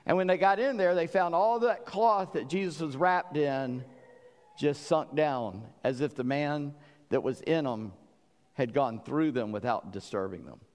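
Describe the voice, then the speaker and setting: Animated preacher in a hall. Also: male voice, on the high side, unhurried. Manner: animated storytelling, acting out voices. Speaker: pastor. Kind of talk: sermon.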